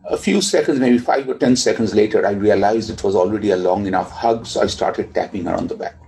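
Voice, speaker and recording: A man, a father, telling a personal story in a soft, reflective way that sometimes drops almost to a whisper. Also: fairly low pitch, brisk, vocal fry, slightly rough, poor audio.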